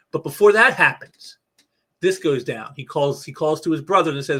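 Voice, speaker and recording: A man's voice: on the high side, moderate pace, a bit bright. A man hosting a casual comic book review, rambling with many fillers and restarts and reading comic dialogue aloud. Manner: reads comic dialogue aloud in a lightly acted voice.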